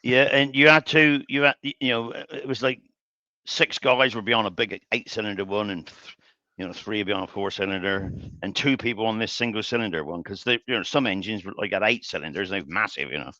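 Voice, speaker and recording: An older man chats through a long story on a live woodturning stream, his lowish voice bright and forceful. He rambles, restarts sentences and chuckles along the way. The sound is dry and a little dull, like lo-fi stream audio. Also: brisk, no room sound. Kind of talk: casual storytelling while working. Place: home workshop.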